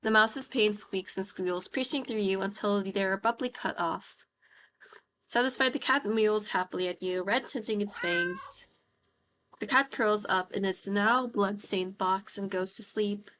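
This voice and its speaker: A woman's voice: medium pitch, unhurried, fairly bright tone, slight background noise. A woman streamer reading a visual novel aloud while playing, reacting with gasps and apologies between lines.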